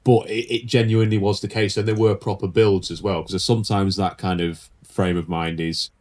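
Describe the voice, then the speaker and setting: Man, podcast co-host, casual rambling chat, lowish voice. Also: level tone, moderate pace, darkish tone. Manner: rambling, laughs often, restarts.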